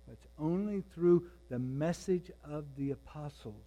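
A man preaching a sermon, moving between quiet, intense passages and raised, emphatic ones. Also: fairly high pitch, normal speed. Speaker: pastor.

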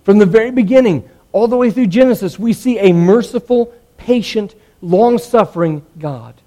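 Earnest male preacher, mellow voice. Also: high voice, moderate pace. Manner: earnest, swings from loud emphatic to hushed. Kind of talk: sermon.

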